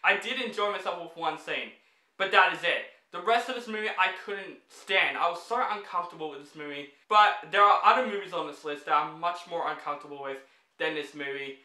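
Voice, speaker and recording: A man's voice: fairly high pitch, a little fast, sharp tone, reverberant. A man ranting through a list of his least favorite movies, blunt and exasperated, swearing freely. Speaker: movie reviewer.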